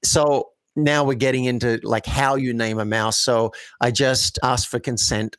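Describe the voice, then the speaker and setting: A man's voice: mid-range voice, steady tone, unhurried, fairly bright tone, no echo. A man who is a coach and a guest, talking reflectively in an interview and acting out example dialogues. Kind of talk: conversational interview.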